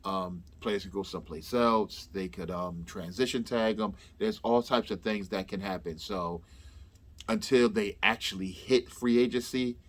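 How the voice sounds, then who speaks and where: A man's voice: on the low side, measured pace. A man hosting a sports fan show, talking casually and rambling with lots of fillers and restarts. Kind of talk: casual chat.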